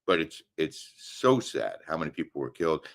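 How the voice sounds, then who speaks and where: Deep-voiced middle-aged guy hosting a live stream from a hotel room, casual, gets emphatic. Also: moderate pace, gravelly. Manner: animated, emphatic, argumentative bursts. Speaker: co-host of a live daily show. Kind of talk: casual live-stream chat, reading comments.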